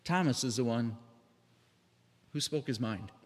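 A man delivers a sermon in a relaxed, conversational tone, at times slipping into other voices for the people he quotes. His voice sits at an ordinary middle pitch. It rings out with a long reverb, as if he is speaking in a large hall. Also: measured pace. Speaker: preacher.

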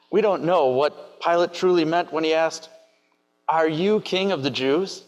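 A man preaching a sermon in a measured, reflective way, asking many rhetorical questions. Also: on the high side, rough recording. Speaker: pastor.

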